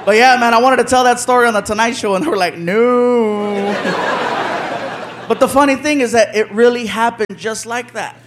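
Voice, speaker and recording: A man doing stand-up comedy, telling a story with animated acted-out voices on a live stage. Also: very high voice, fairly quick. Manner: animated, acts out other characters' voices. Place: live comedy venue with audience. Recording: live stage recording with crowd noise.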